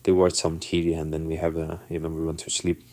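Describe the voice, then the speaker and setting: Deep-voiced guy telling a story to camera, english not his first language, dry close sound. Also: fast, no echo. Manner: animated, acts out the people in his story. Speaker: vlogger telling a personal story.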